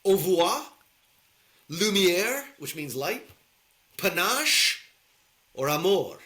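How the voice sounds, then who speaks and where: Male podcast co-host, casual chat, lively swings in pitch, bright tone, repeats himself for emphasis. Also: slow pace.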